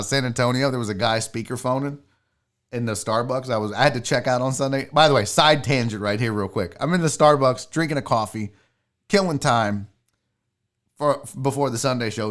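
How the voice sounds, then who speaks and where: A man hosting his own show, telling a comic story as a profane, sarcastic rant. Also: medium pitch. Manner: animated, swearing, sarcastic. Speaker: sports show host.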